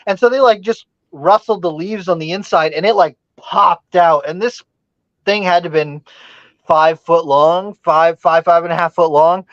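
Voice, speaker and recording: An animated man tells a story in loose podcast chat with a fairly high voice. He swears freely and leans on fillers. The sound is dry and somewhat dull. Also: normal speed, dry recording.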